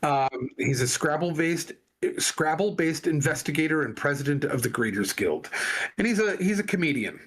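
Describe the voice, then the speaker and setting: Male podcast co-host, slightly high, rambling storyteller. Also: expressive, normal speed, a bit bright, breathy edge. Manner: rambling storyteller with frequent restarts. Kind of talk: casual chat.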